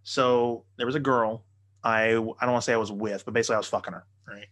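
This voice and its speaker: A man's voice: on the low side, steady tone, fast talker, fairly bright tone. A man telling a raunchy personal story in a casual podcast chat, profane and loose, laughing as he goes.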